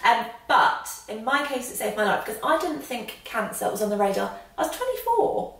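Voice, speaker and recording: A woman's voice: on the high side, very animated, fairly quick, fairly bright tone. A woman in her late twenties, a guest chatting candidly and with self-mocking humour. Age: 20s. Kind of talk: casual chat. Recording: roomy echo, mic at a distance.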